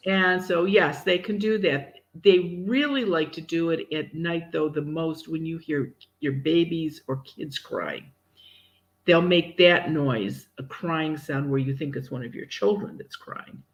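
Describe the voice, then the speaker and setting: Animated woman answering ghost questions. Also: low voice, a little slow, lo-fi sound. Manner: animated, acts out voices in her stories. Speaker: psychic medium co-host. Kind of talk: casual chat answering viewer questions.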